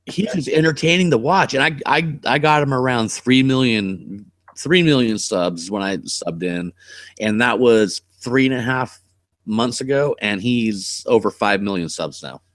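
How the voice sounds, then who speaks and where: A man's voice: medium pitch, unhurried, fairly bright tone, dry recording, clean studio sound. A man with a West Coast American accent chatting casually on a live stream as the channel host, blunt, rambling and cursing freely.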